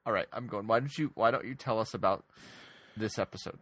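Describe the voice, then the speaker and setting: Husky-voiced playful male podcast host. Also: fairly low pitch, brisk, a bit bright, dry recording. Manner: playful, rambling with repeated restarts. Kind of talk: casual podcast chat.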